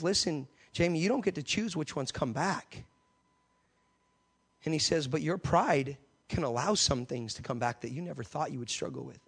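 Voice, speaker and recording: Guy preaching, animated storytelling, does the voices, slightly high voice. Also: gravelly, husky. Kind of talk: sermon storytelling.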